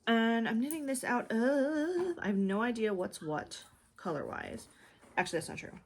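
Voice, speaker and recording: A woman's voice: fairly high pitch, animated, moderate pace, slight background noise. A young woman hosting a knitting video, talking in a chatty, rambling way with lots of fillers. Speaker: knitting podcast host. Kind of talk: casual chat.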